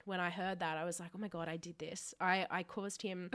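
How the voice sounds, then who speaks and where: A young Australian woman co-hosting a podcast, telling a story about herself in casual chat, self-mocking and quick to swear. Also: lowish voice, little pitch movement, fairly bright tone, a little hiss or hum. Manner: self-mocking, laughs often, swears freely. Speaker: podcast co-host.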